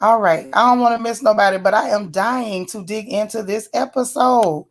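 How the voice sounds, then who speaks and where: A woman's voice: medium pitch, moderate pace. A woman hosting a casual live stream, chatting in folksy slang and greeting viewers one by one by name. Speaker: livestream host.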